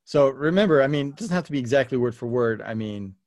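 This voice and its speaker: A man's voice: medium pitch, expressive, quick pace, darkish tone, no room sound. A man hosting a casual quiz game among friends, playful and jokey as he hands out strikes. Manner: playful, jokey, runs the scoring. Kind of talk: casual podcast game show.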